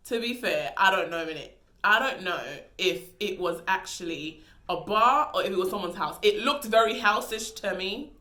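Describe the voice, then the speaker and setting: A woman's voice: mid-range voice, sharp tone. A young woman vlogger telling a story in a casual, dramatic, slangy way. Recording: echoey room.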